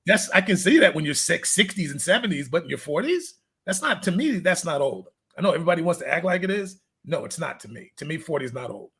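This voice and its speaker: A man's voice: a little high, big pitch swings, quick pace, hardly any pauses, fairly bright tone, husky. A man talking as a fitness coach in a casual interview, telling loose stories and acting out conversations. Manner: loose, storytelling, acts out conversations.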